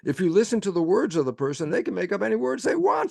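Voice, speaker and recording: An older man speaking as a guest, explaining his ideas in an animated, conversational way and acting out both sides of his own inner dialogue. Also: high-pitched, quick pace, vocal fry, no echo.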